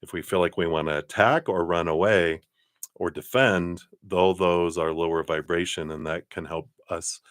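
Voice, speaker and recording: A man giving a live tarot card reading in a relaxed, chatty way, often laughing. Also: low voice, moderate pace, no room sound, clean studio sound.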